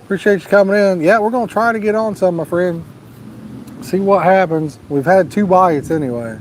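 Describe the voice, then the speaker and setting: Speaking at a normal speed in a voice that sits high, a man runs a live fishing stream outdoors at a lake at night while a storm hovers nearby. He keeps it casual and drawling, reading comments and telling viewers to like and subscribe; there's slight background noise.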